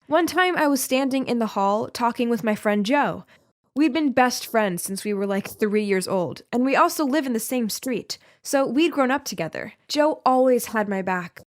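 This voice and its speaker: Bright young woman narrating a story. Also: a little high, normal speed. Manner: lively, expressive first-person telling.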